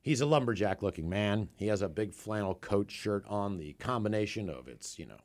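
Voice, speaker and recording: A man's voice: fairly low pitch, lively intonation, brisk, darkish tone. A man from the Seattle area, co-hosting a podcast, telling a profane, rambling story in casual chat. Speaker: podcast co-host.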